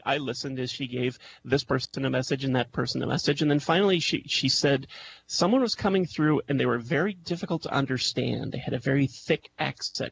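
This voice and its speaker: On an internet radio call, a male guest described as music intuitive recounts a personal story, hesitating with lots of ums and restarts. His mid-pitched voice is creaky and slightly bright. It comes through a Skype call on a dull, lo-fi line with faint noise.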